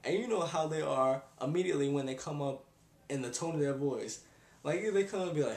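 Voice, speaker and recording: A man's voice: fairly high pitch, animated, fairly quick, a little mellow. A young man, ranting in a casual vlog with exasperated sighs and slang. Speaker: vlogger. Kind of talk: casual rant. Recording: echoey room.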